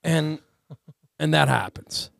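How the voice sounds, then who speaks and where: A man's voice: a little high, slow pace, creaky, no room sound, clean studio sound. A man co-hosting a podcast, telling a long story in casual chat and acting out the other people in it with big voice swings. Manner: animated storyteller, acts out voices in quotes. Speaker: podcast co-host.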